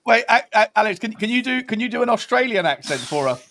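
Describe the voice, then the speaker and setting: Lively host on a phone-in. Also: male voice, high-pitched, fast. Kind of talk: casual phone-in chat.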